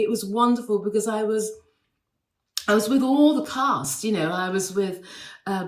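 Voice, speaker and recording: A woman's voice: medium pitch, reverberant. A woman with an English accent sends a recorded message, telling stories in a chatty way with many fillers and restarts. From England. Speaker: guest sending a recorded message. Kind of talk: casual recorded anecdote.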